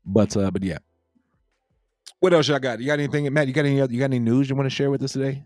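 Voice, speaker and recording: A man's voice: medium pitch, quick pace, a little mellow, no room sound, clean studio sound, faint music behind. A man hosting a casual crypto livestream, talking loosely with viewers, repeating himself and reading out the chat. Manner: laid-back, repeats himself, reads chat aloud.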